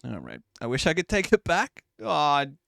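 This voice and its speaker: A man's voice: a little high, wildly swooping pitch, moderate pace, vocal fry, bright, forceful tone, slight background noise. A man live-streaming from his desk at home, chatting casually, joking, laughing and swearing while he bakes.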